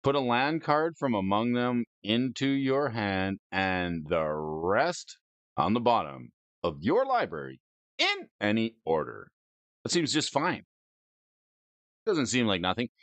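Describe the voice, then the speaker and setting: A man's voice: lowish voice, big pitch swings, slow, fairly bright tone, no echo. A man hosting a casual stream, rating game cards aloud with playful, goofy asides and silly wordplay. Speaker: host. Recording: dry, dull lo-fi mic.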